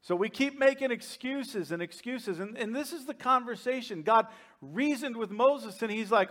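A man's voice: extremely high pitch, lively intonation, normal speed, hardly any pauses, a bit bright. A man preaching a sermon as pastor, conversational and joking with his congregation. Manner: humorous, conversational, laughs with the congregation.

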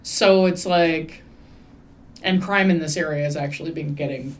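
A woman's voice: sits low, moderate pace. A young adult woman, hosting a casual podcast chat in a rambling, wry and profane way. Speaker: podcast host.

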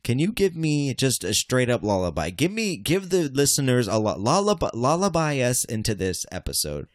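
A man's voice: mid-range voice, very animated, normal speed, no echo, clean studio sound. A man hosting a casual podcast, joking and swearing, with sudden mock-angry outbursts. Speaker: podcast host.

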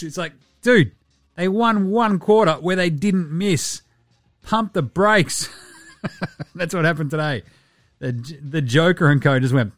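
An Australian podcast host runs a casual sports show that's brash, profane and jokey, putting on voices when quoting people. His voice is on the high side at a normal speed, and the studio sound is clean with no room sound.

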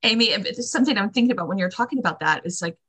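A woman's voice: medium pitch, expressive, rapid-fire, a bit bright, slightly rough. A woman as a podcast guest, chatting in a casual, earnest and encouraging way. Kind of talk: casual chat.

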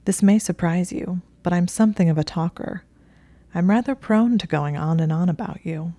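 A woman's voice: fairly low pitch, moderate pace, mellow, dry recording, muffled recording, lightly acted. A woman voicing a teasing, possessive young male wizard librarian in a story reading. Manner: teasing, smug.

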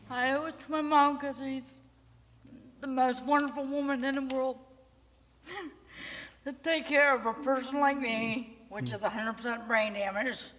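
A woman's voice: a little high, a bit bright, a little hiss or hum. A woman giving plain-spoken, giggly thanks to her mother. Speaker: church member giving thanks. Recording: distant mic in reverberant hall.

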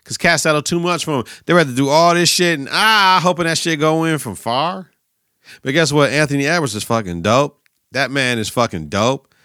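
A young man hosts his own podcast solo, chatting about sports and coaching in a loose, slangy, profane way. His voice is bright and forceful. The sound is close and dry, with no room around it. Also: on the high side, moderate pace, clear, resonant tone, dry recording. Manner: profane, slangy, animated riffing. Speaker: podcast host, teacher and coach.

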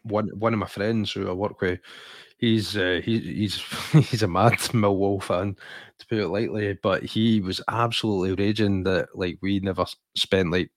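Low-voiced Scottish man chatting football. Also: fairly even intonation, normal speed, no room sound. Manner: rambling and enthusiastic, lots of fillers and restarts. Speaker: podcast co-host. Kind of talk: casual chat.

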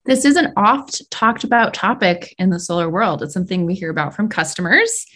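Expressive woman podcast co-host. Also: medium pitch, fairly quick. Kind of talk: casual podcast chat.

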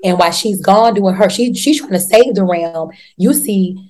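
Woman, casual show recap, slangy, profane, acts out every character, mid-pitched voice. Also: moderate pace, a little mellow.

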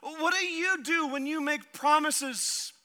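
A high, bright, forceful voice carries this slow sermon. The pastor reads scripture aloud, then shifts into animated asides full of humor.

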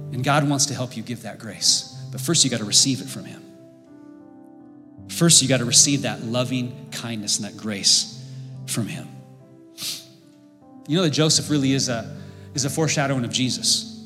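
A man preaching a sermon as pastor, impassioned, building to loud emphatic peaks. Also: medium pitch. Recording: long reverb with faint music.

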